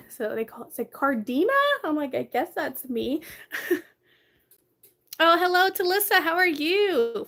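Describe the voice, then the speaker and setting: A woman with a somewhat high voice talks casually on a live stream from her bedroom. She is tired and a little hoarse from a cough, but stays friendly and laughs easily as she greets viewers one by one. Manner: chatty, greets viewers by name, laughs often. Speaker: livestream host.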